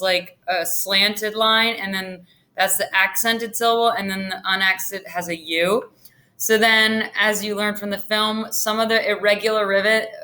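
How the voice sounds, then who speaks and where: A woman's voice: on the low side, pushed and bright. A woman teacher giving a recorded class lecture in a chatty way, often checking in with her students.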